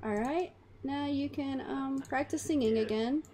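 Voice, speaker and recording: Woman talking thru her game at home, high voice, slow relaxed pace. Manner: chatty, voices her characters in quick asides. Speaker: gaming channel host. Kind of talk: casual game commentary.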